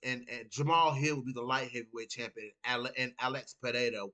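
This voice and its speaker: A man's voice: mid-range voice, steady tone, fast talker, pushed and bright. A man hosting a casual fight recap livestream, talking loosely with a groggy morning voice and lots of "you know what I'm saying" filler. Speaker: livestream host.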